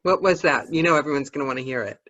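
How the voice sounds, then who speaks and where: A woman's voice: low voice, racing, fairly bright tone, muffled recording. A woman podcast host asking a guest questions in a curious, encouraging way. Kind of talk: interview questions.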